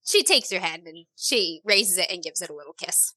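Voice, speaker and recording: Bright-voiced woman game master. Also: fairly low pitch, animated, normal speed, dry recording, low-quality recording. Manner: chatty, laughing asides. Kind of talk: narrating a tabletop game.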